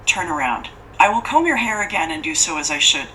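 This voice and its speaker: A cold, formal lady who means to fatten up a child and eat her, as a woman narrator puts her on, every sentence prim and stiff. The voice is low-set but bright and keen. It sits back from the mic, with a faint hiss underneath. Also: very animated, brisk, distant mic, heavily acted, poor audio.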